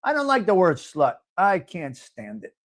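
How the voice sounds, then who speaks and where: A man's voice: sits high, wildly swooping pitch, a little slow. Blunt crude-talking New man. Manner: blunt, crude, laughing, talks straight to chat viewers. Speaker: host of a live coffee talk stream. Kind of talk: casual live-stream chat.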